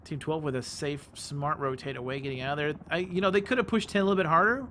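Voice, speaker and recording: Fast-talking male esports caster. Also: a little high, a little hiss or hum. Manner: rapid, excitable, self-correcting. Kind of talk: live esports play-by-play commentary.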